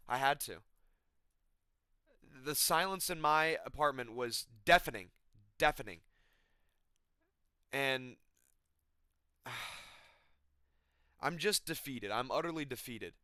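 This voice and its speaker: A man's voice: medium pitch, sharp tone, clean tone, dry recording, studio quality. A young man on his own channel, ranting about a fight in an exasperated, swearing way and repeating himself. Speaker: MMA commentator. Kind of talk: emotional rant. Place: his apartment.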